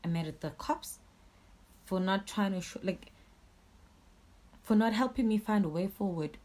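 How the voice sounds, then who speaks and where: A young woman with a Swazi accent, telling a storytime vlog in an angry, animated way, swearing and switching languages. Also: medium pitch, normal speed. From Eswatini. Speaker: YouTuber.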